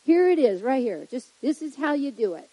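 A woman's voice: sits high, sing-song, fairly quick, dark tone, husky, no room sound, poor audio. A woman preaching a humorous sermon in a chatty way, joking and making frequent asides to the congregation.

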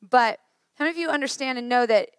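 A woman in her thirties preaching a sermon, chatty and joking, her voice a little worn and hoarse. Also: high-pitched, fast talker, dry recording. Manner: chatty, joking, lively asides. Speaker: pastor.

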